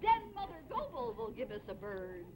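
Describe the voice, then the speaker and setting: A woman's voice: on the high side, big pitch swings, normal speed, a loud crowd. A woman playing a rigid, commanding female pack leader of girl rangers in a comedy sketch, heard over a noisy TV broadcast with a studio audience. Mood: stern. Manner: stiff, military, commanding. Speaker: comic actress in a TV sketch.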